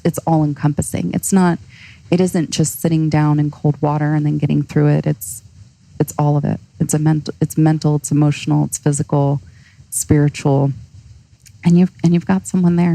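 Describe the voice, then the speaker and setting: A woman's voice: low-pitched, gravelly, warm tone, no echo, low-quality recording. An earnest, heartfelt woman, a coach, speaking as a podcast guest. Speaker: guest, cold-exposure coach. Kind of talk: podcast interview.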